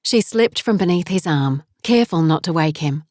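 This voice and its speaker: A woman narrating an audiobook in an unhurried, measured reading. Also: fairly low pitch, animated, a little mellow, dry recording, studio quality. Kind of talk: scripted narration.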